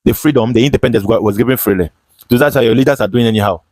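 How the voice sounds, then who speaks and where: A man's voice: medium pitch, very fast, a little mellow, dry recording. A man with a Nigerian accent, an online commentator ranting impassioned and firing repeated rhetorical questions at his audience.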